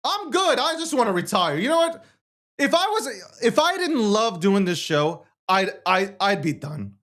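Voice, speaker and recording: A man's voice: sits high, very animated, measured pace, fairly bright tone. Male host, ranting commentary, sarcastic, swings up and down a lot. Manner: profane, heated and sarcastic. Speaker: show host.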